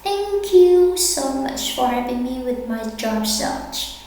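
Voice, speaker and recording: A woman teaching an English lesson, slow and deliberate, repeating words for her learners. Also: sits high, animated, a little mellow. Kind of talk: language lesson. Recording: echoey hall with faint hum.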